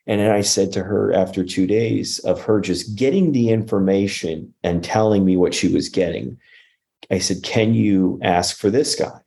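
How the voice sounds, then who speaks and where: Guest, male, low mellow voice, earnest storyteller who restarts a lot. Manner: earnest, restarts often, acts out quoted speech. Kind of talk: conversational storytelling.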